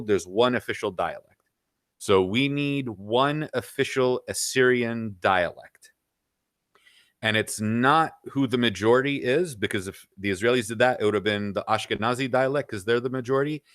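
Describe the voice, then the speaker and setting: A man's voice: on the low side, fairly bright tone, no room sound, clean studio sound. A man in his forties, a guest on a podcast, giving opinionated views in casual talk and leaning on "you know" as he lists examples.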